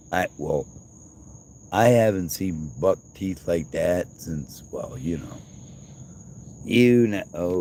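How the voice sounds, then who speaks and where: Livestream host, deep gravelly man, unhurried, teasing and joking banter. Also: a little mellow, a little hiss or hum, low-quality recording. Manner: joking, teasing, laughs often. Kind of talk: rambling casual chat.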